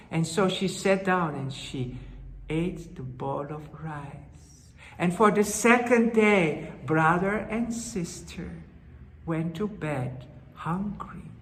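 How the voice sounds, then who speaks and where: A woman tells a children's folktale slowly and dramatically, dropping into hushed asides and little gasps. Her voice sits a bit low, and the recording is roomy with a long hall reverb trailing behind. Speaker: storyteller. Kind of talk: children's storytelling.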